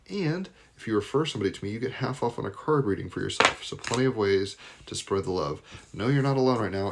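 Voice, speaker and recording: Low-voiced man doing lively tarot readings. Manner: loose, enthusiastic, rambling with asides and laughs. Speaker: tarot and astrology reader. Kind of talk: live daily tarot card reading.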